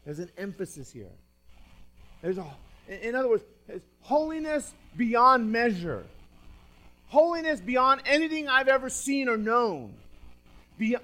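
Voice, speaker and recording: A man preaching a sermon as pastor, reading scripture aloud with dramatic stress and swinging from loud emphatic lines to quiet asides. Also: very high-pitched, sing-song, a little slow.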